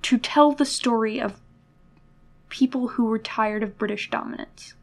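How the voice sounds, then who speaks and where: A woman's voice: a little high, unhurried. A woman co-hosting a podcast in casual chat, giving critical opinions and laughing often. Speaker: podcast co-host.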